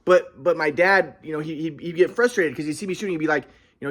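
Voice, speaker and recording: A man with a slightly high voice tells his own story quickly and casually, rambling, restarting sentences, and repeating words. He acts out what other people said as he goes.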